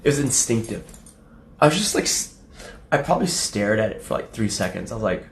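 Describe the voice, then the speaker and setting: A young adult man streaming casually to his chat, profane and rambling, laughing often and acting out quotes in a high mocking voice. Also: very animated, normal speed, gravelly, long pauses, darkish tone, roomy sound, a little hiss or hum. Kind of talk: casual livestream talk to chat.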